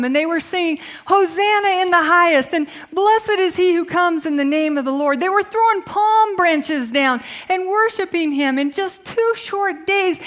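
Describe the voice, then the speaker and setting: A middle-aged woman preacher who opens with a soft, hushed prayer and then tells stories in a lively way. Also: extremely high pitch. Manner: hushed, prayerful when praying, lively storytelling after. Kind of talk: sermon with prayer and storytelling.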